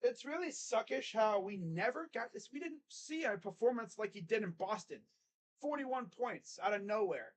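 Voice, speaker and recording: A man giving casual live play-by-play reaction to a basketball game, jumping between loud excited calls and low muttered grumbling as a rambling fan. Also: moderate pace. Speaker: sports YouTuber doing live play-by-play.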